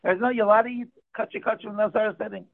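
A man with a raised, gravelly voice and a husky, raspy edge leads a daily Talmud class. He works through the text by asking questions aloud and then answering them. The sound comes through a thin, tinny phone-like line. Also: high voice, fairly even intonation, racing. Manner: explains by asking and answering his own questions. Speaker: Talmud teacher.

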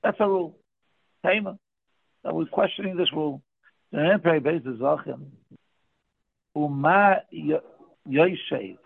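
A man with a raised, gravelly voice and a husky, raspy edge leads a daily Talmud class. He works through the text by asking questions aloud and then answering them. The sound comes through a thin, tinny phone-like line. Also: fairly high pitch. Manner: explains by asking and answering his own questions. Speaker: Talmud teacher.

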